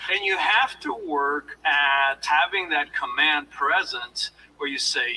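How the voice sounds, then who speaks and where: Man, former police officer, motivational lecture, deliberate and demonstrative, distant mic, faint room ambience. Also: a little high, lively intonation, pushed and bright, a little hiss or hum. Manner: demonstrative, deliberate, coaching the audience. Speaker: former law enforcement officer turned speaker.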